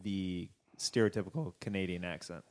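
A man hosting a podcast in relaxed casual chat, asking the guest questions and laughing along. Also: sits low, moderate pace. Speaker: podcast host.

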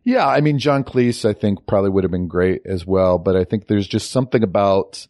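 Very deep-voiced man musing on films. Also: brisk, darkish tone, dry recording, studio quality. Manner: thoughtful, hesitant, repeats words as he searches. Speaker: podcast co-host. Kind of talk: casual movie chat.

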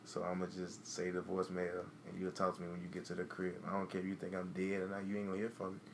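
Fast-talking gravelly man, blunt and animated. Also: deep voice, background noise. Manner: blunt, animated, swears freely, acts out what he'd say. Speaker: podcast co-host. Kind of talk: casual chat.

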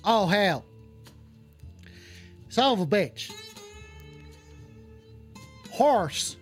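A man hosts a live call-in stream in character as a touchy, swearing cowboy with a put-on drawl, rambling and reacting to chat. His voice is high and a bit bright at normal speed, with soft music in the background.

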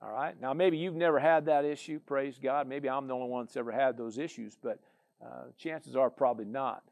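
A man's voice: mid-range voice, steady tone, fairly quick, vocal fry, a little mellow. A man preaching a sermon as a pastor, with a conversational style full of "you know" and "amen".

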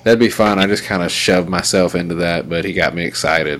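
A man's voice: sits low, fairly even intonation, fairly quick, fairly bright tone. A middle-aged man hosting a podcast, rambling in a loose, profane, casual way. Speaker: podcast host.

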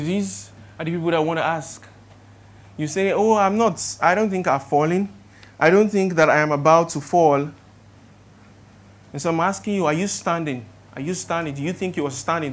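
A preacher with a Nigerian accent, delivering a sermon in a voice of ordinary, middling pitch. The delivery is impassioned, climbing into loud, pressing build-ups and then dropping to quiet, drawn-out lines. Rhetorical questions are thrown straight at the congregation. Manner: impassioned, swings between loud emphatic build-ups and quiet, slowed-down points. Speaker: pastor.

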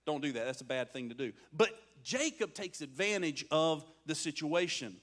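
A man's voice: on the high side, animated, normal speed, fairly bright tone. A man preaching a sermon, telling a story and acting out its voices, often turning to the crowd with questions. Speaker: pastor.

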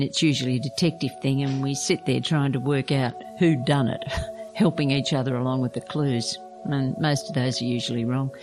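A woman, an abbess, reading a scripted spiritual reflection in a gentle, measured storytelling manner. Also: a bass voice. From Australia.

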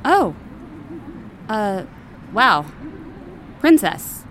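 A woman voicing a nervous, evasive female demon who is a mother in an audio drama, speaking in a hesitant, halting way. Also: medium pitch, very animated, a bit bright, slight background noise, heavily acted.

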